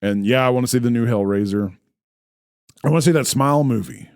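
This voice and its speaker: A man's voice: medium pitch, fairly quick, vocal fry, a little mellow, clear, resonant tone, dry recording, clean studio sound. A man in his late thirties co-hosting a podcast, rambling and opinionated in casual chat with jokes. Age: 30s. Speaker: podcast co-host.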